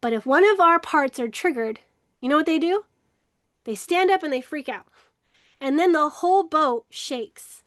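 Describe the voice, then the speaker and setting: High-voiced woman hosting a webinar. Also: lively intonation, measured pace, no room sound, studio quality. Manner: earnest, emotive, with restarts and soft laughs; acts out inner dialogue in shifting voices. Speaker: webinar host, creativity coach. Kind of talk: casual spoken webinar talk.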